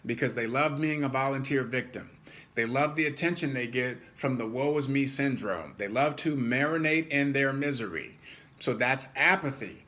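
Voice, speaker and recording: A man's voice: medium pitch, normal speed, pushed and bright. A man giving an emphatic motivational talk to an audience, repeating words for stress and acting out the people he quotes. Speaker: motivational speaker.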